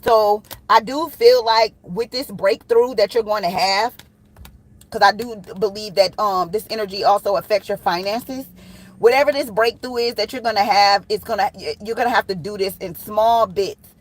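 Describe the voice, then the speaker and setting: A woman's voice: medium pitch, normal speed, poor audio. A woman giving a casual livestream tarot reading, blunt and profane, teasing viewers and laughing often. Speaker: tarot reader.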